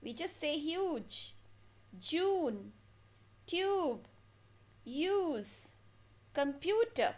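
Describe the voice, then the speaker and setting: A woman teaching a phonics lesson to children, stretching and repeating each word slowly for practice. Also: sits high, lively intonation. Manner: slow, drawn-out words repeated for practice.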